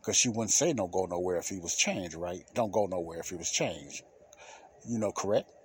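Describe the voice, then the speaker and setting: A deep-voiced podcast host tells a personal story at normal speed, casual and animated, with slight background noise. He repeats himself and talks colloquially.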